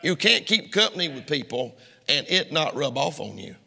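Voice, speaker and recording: Emphatic Southern preacher, gravelly and bright. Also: male voice, on the high side, sing-song, moderate pace. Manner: emphatic, rising to shouts for emphasis. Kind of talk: sermon. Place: church sanctuary. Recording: long hall reverb.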